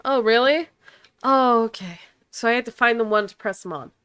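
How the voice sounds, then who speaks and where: A woman's voice: a little high, normal speed, a bit bright, clean tone. A woman giving playful, self-deprecating commentary while playing a game. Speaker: let's play narrator. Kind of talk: casual gameplay commentary. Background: faint game music.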